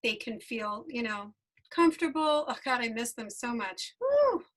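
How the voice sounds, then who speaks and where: A high, bright-voiced woman hosts a casual interview over a video call. She talks in a chatty, effusive way and laughs easily. Her voice comes through a home video-call setup. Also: big pitch swings, moderate pace, rough recording. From New York. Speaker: host.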